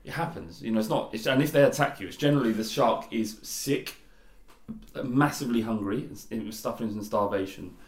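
A man from England co-hosting a casual podcast, chatting enthusiastically and jumping up in pitch when excited. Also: fairly quick, reverberant. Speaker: podcast co-host. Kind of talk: casual chat.

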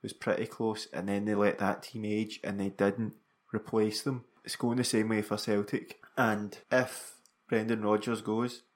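A Scottish co-host on a casual football podcast makes his points earnestly and emphatically. His pitch is fairly low, his delivery flat, and his pace measured.

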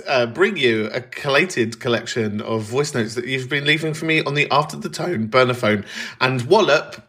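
A man's voice: medium pitch, sharp tone. A man hosting a comedy podcast in a casual monologue, chatty, playful and sweary. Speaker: podcast host.

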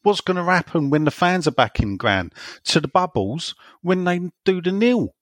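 A man's voice: high-pitched, very animated, normal speed, dry recording. A man co-hosting a casual football podcast, blunt and mocking in his jokes. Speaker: podcast co-host.

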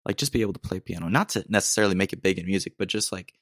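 Racing along in a low-pitched, slightly bright voice, a young man from the United States hosts a solo podcast. He rambles casually at his own expense, full of ums and false starts. The sound is clean studio audio with no room sound.

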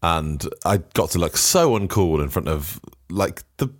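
A man's voice: low-pitched, expressive, unhurried, dry recording. A man in his thirties from England, a radio host chatting casually and wryly in a studio. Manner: chatty, self-deprecating, wry. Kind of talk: casual chat.

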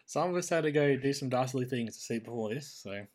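Australian man, podcast co-host, casual chat, mid-pitched, lively tangents. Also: quick pace. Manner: chatty, animated when quoting characters. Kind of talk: casual chat reviewing a cartoon.

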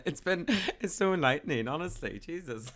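A man's voice: on the high side, animated, over loud music. A man co-hosting a podcast, giggling and trading puns in casual chat. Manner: giggly, punning, slow and drawn out. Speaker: podcast co-host.

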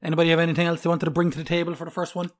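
A man's voice: on the high side, flat delivery, racing. A young man co-hosting a podcast, joking loosely, crudely and swearing freely. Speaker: podcast co-host. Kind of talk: casual banter.

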